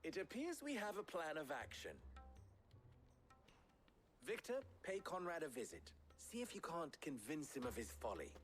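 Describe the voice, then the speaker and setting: An actor playing a wise, calm innkeeper in a video game, speaking deliberately and thoughtfully. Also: male voice, a little high, faint music behind. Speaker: game character.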